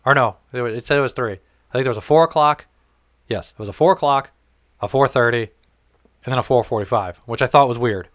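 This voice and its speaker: Male host, casual profane storyteller, middle pitch, dry room. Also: a little fast, fairly bright tone, no echo. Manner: rambling, profane, self-correcting.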